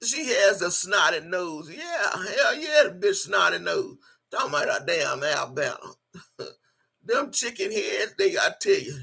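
A woman's voice: medium pitch, a bit bright, slightly rough. A woman hosting a live stream, answering her chat and scolding a critic in a profane, mocking rant. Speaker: livestream host.

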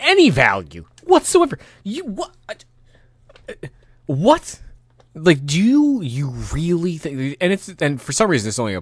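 A man's voice: low voice, a bit bright, dry recording. A man hosting a podcast, delivering a rambling, profane rant with angry bursts and frequent restarts. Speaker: podcast host.

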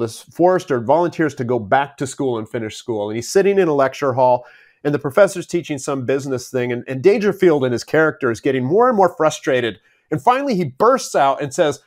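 A man who is an entrepreneur guest on an interview podcast, telling stories casually and chuckling often. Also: mid-range voice.

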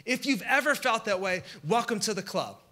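Male pastor, sermon; high, sharp voice, chatty and jokey, acts out stories. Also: lively intonation, moderate pace. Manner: conversational, humorous, acts out scenes.

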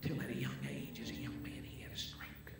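A man preaching a sermon in a church, swinging between loud preaching and hushed, near-whispered storytelling. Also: medium pitch, very animated, brisk. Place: church sanctuary. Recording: roomy church echo with music.

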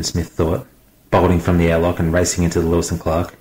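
Brief: male audiobook narrator, deep and steady, dramatic delivery, echoey room. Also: a little fast.

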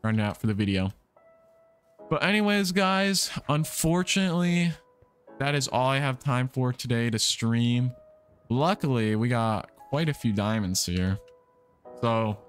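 A young man chats loosely through a game livestream, his voice sitting at an ordinary middle pitch. He rambles and restarts his sentences in a relaxed way. Quiet music plays softly behind him. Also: a little slow, clean tone. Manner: relaxed, rambling, repeats words and restarts often. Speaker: livestream gamer host. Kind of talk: casual livestream chat while playing. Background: soft background music.

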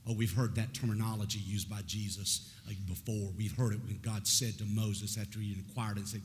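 A male pastor preaching a sermon. He asks the congregation questions and builds into a chanting, sing-song cadence with near-shouted emphasis. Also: on the low side, steady tone, moderate pace, slightly rough.

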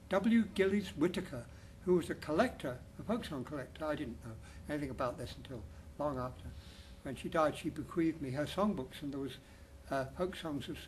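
An older English man speaking in a slightly high voice, telling his own stories to a lecture audience in a wry, anecdotal way. He talks chattily and often restarts his sentences. A faint hiss of noise sits behind him. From England. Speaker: speaker at a festival talk. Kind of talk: personal storytelling presentation. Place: lecture room.

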